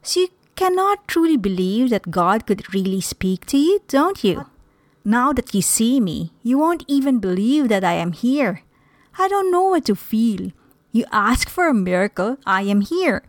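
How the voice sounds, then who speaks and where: A gentle male god speaks in a soft, calm voice with a light teasing edge, as a woman reads his lines. The delivery is slow. The sound is dry and close. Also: a little high, no echo. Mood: patient.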